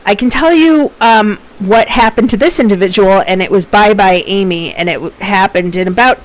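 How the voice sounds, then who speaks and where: A woman's voice: mid-range voice, moderate pace, few pauses, rough recording. A woman professor giving a recorded lecture in a conversational way, with fillers and small laughs.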